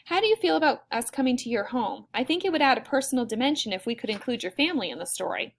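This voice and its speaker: A woman's voice: a little high, animated, fast talker, gravelly. A woman reading the part of an adult female TV news reporter in an audiobook, polished and persuasive.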